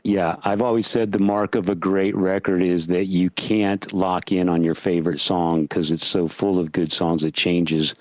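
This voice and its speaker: A male podcast host with a fairly low voice, recorded close and dry. He chats casually with his guest, thinking aloud in relaxed conversation. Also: moderate pace, few pauses, dry recording. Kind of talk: casual interview chat.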